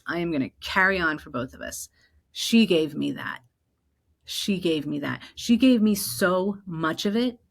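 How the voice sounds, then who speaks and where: A woman from New Jersey hosting her own podcast, telling personal stories in an animated way and acting out the voices of the people in them. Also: fairly low pitch. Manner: animated, acts out quoted voices. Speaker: podcast host. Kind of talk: personal storytelling.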